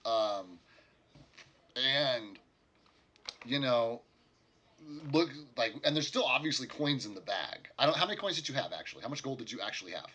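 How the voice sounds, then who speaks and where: A male game master narrating a homebrew tabletop adventure in a loose, rambling way, full of fillers. His voice is bright and forceful at a middle pitch. A faint noise sits under the recording. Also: expressive, moderate pace, long pauses.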